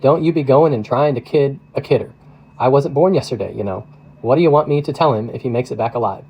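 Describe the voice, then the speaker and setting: A man's voice: mid-range voice, fast, lo-fi sound, natural voice. Teasing small-town postmaster woman with a Midwestern accent, read by a man, folksy and nosy. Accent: Midwestern American. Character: chatty teasing middle-aged woman postmaster.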